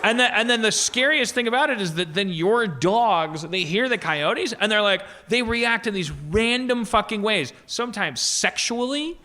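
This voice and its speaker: Male podcast host, bright tone, rambling comic storyteller. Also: sits high, animated, normal speed, few pauses. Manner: rambling, restarts a lot, swears freely, acts out voices. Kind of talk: casual comedic storytelling. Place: podcast stage with live audience.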